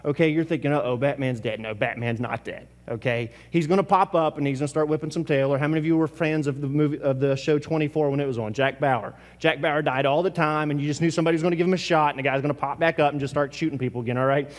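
A man's voice: on the high side, very fast, few pauses, in a large hall. A man preaching a sermon as pastor, talking casually and asking the congregation questions. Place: church sanctuary.

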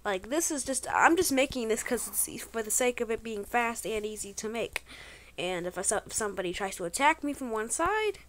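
A woman giving excitable, slangy commentary over her own gameplay, bursting into exclamations. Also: fairly high pitch, fairly quick. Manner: playful trolling banter, slangy. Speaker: gaming channel host.

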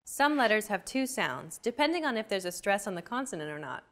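A woman's voice: medium pitch, sing-song, brisk. Woman hosting a scripted language lesson. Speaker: lesson host.

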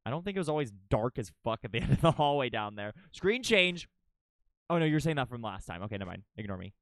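A young adult livestreamer giving excitable, casual commentary during gameplay, thinking aloud, swearing freely and chatting with viewers. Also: medium pitch, fast talker, dry recording, studio quality.

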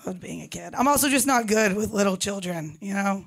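Woman stand-up from Boston, raspy husky voice, deadpan self-mockery, club stage mic. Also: mid-range voice, fairly quick, a crowd in the background. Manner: deadpan self-mocking delivery. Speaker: stand-up comic. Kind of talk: stand-up set.

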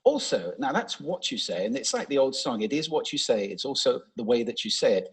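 Lively, playful man giving a stage talk. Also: mid-range voice, a little fast, slightly rough, rough recording. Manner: expressive, playful, demonstrates voice techniques. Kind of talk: public talk with vocal demonstrations. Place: large stage before an audience. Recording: played from a talk recording.

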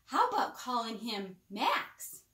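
A woman's voice: a little high, sing-song, takes it slowly, sharp tone, exaggerated voice. A woman voicing a confident, joking young boy in a storybook reading, recorded with a roomy echo. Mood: bold.

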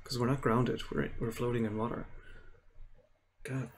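A man's voice: medium pitch, little pitch movement, normal speed, a little hiss or hum. A young man chatting casually on a live stream, rambling and curious, cracking jokes.

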